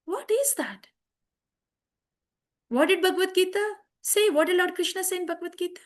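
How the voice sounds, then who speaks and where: Earnest high-voiced woman teaching children. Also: moderate pace. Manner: earnest, repeats phrases, asks the class questions. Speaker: Bhagavad Gita teacher for children. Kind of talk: class teaching with verse chanting.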